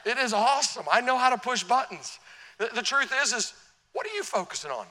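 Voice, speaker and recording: A man preaching in a church, animated and humorous, throwing questions at his congregation. His voice sits high and sounds sharp and tense, with a long reverb filling the sanctuary. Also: fairly quick. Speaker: pastor. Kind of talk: sermon.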